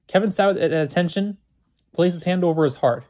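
A man's voice: a little high, fairly quick, dark tone. A man reading a novel aloud in a plain way, often stumbling and restarting his words. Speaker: reader.

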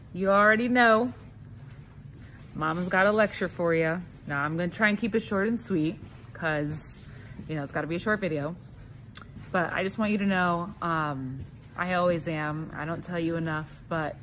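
A woman's voice: on the low side, unhurried, a bit bright, a little hiss or hum. A woman, a mother giving a heartfelt recorded message, tender and fighting back tears.

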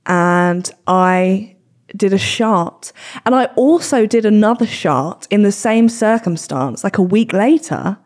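A woman's voice: medium pitch, moderate pace, darkish tone. A woman, hosting a casual podcast chat in a rambling, self-deprecating way. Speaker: podcast host.

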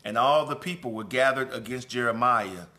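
A man's voice: medium pitch, moderate pace, sharp tone. A male pastor teaching a Bible lesson in a preaching style, with emphatic repetition and conversational asides. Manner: preaching with emphatic repetition, swelling and dropping in volume.

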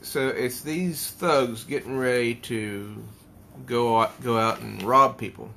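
A man's voice: medium pitch, slow, vocal fry, sharp tone, slight background noise. A man giving a casual comic book review at home, rambling and thinking aloud as he pages through an issue.

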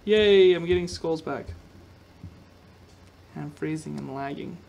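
Young guy w a high voice rambling over his game, goofy, keyboard clicks faint behind. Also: unhurried, creaky, a little mellow, dull audio, slight background noise. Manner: goofy, rambling, talks to himself and viewers. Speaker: gaming video host. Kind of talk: solo gameplay commentary.

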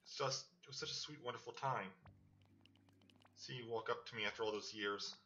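A man's voice: medium pitch, fairly quick, sharp tone, slight background noise, natural voice. A man voicing a woman shopkeeper who is tearful and flustered, apologizing as she talks. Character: emotional woman shopkeeper, mother's old friend. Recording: slightly muffled with game music.

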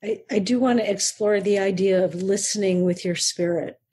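A woman's voice: medium pitch, moderate pace, dark tone, breathy edge. A woman in a casual group discussion, thoughtful and tentative. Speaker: group member.

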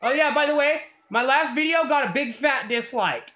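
Loud, giggly vlogger woman. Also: high voice, lively intonation, normal speed. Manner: loud, giggly and crude, with sudden shouts. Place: home, in a bedroom. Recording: echoey indoor room.

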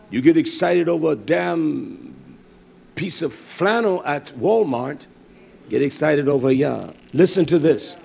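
A man preaching a fervent sermon, reading scripture aloud with many fillers and hallelujahs, swinging from loud declaring to low muttering. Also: lively intonation, unhurried, gravelly, a little hiss or hum.

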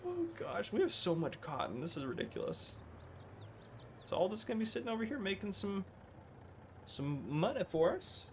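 A man's voice: on the high side, creaky, a little hiss or hum. A man hosting a live farming-game stream, chatting with viewers by name and breaking into helpless laughter. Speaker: livestream gameplay host.

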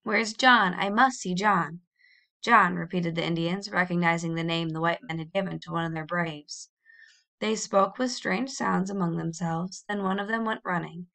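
A woman reading a children's novel aloud in a measured, expressive storybook narration. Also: fairly low pitch, creaky. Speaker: audiobook reader.

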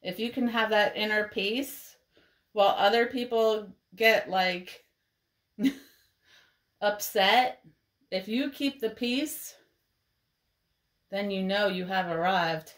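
A woman giving a tarot card reading to her viewers, speaking in a slow, soothing, encouraging way. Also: mid-range voice, fairly bright tone. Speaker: tarot reader.

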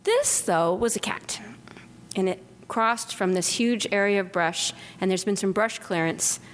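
A middle-aged woman from Southern California telling lively stories to an audience as an author giving a talk, acting out quotes with whispers. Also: medium pitch, measured pace. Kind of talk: anecdotal storytelling to an audience. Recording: lecture hall with long reverb, faint noise.

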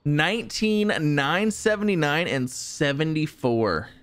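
A young man giving excitable let's-play commentary, chuckling and talking to the enemies he fights. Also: fairly high pitch, takes it slowly, clean tone. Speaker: gaming YouTuber.

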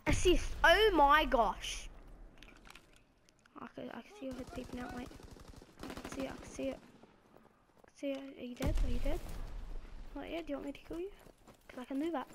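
A woman commentating her own gameplay, excitable, with playful trash talk and sudden outbursts, game music and gunfire behind. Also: sits high, a little fast, pauses often, noisy background. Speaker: gaming video creator.

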